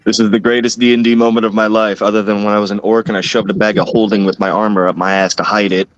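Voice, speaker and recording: A man's voice: fairly low pitch, flat delivery, fast talker, dry recording, muffled recording. A man playing a tabletop game, bantering crudely and laughing often. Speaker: player.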